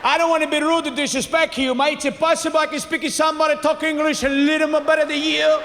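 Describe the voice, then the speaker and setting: A man's voice: very high voice, level tone, fast, a bit bright, voice pushed up. A man voicing an exasperated immigrant father who speaks broken English on the phone. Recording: echoey hall, faint ambience.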